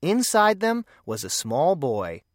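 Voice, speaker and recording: A storyteller reading a children's mystery aloud with expressive storybook delivery. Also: medium pitch, takes it slowly, no room sound, clean studio sound. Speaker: narrator.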